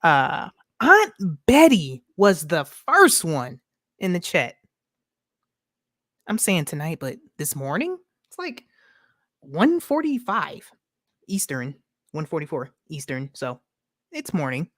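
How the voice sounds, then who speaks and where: A woman's voice: sits low, wildly swooping pitch, slow pace, long pauses, fairly bright tone, no room sound, studio quality. A woman from the United States hosting a casual live stream, chatting with viewers, greeting them by name and laughing often in an upbeat, slangy way.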